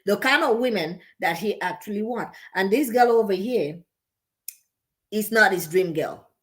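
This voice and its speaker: A sassy woman reacting to a story in casual commentary, talking emphatically and breaking into laughs. Her voice sits a little high for a woman. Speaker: reaction video host.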